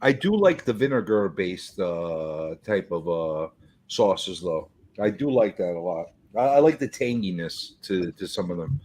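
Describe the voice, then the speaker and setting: A man's voice: deep voice, very animated, a little mellow. A man from New York in casual chat, talking bluntly and stumbling over his words. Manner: halting, repeats words, blunt opinions. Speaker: podcast co-host.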